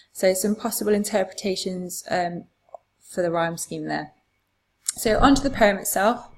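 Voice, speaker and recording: A woman teacher, patiently explaining a poem for exam revision with frequent fillers. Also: medium pitch. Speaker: English teacher.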